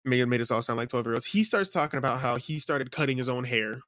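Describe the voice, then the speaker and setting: A man's voice: medium pitch, quick pace, a bit bright, no echo, clean studio sound. A young man co-hosting a casual gaming podcast, telling a funny story at an easygoing pace. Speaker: podcast co-host.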